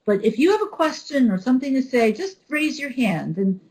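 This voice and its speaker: Woman host telling an animated story. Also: sits high, a little fast, slightly rough, low-quality recording. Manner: animated storyteller, quotes others. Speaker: webinar host. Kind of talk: storytelling introduction.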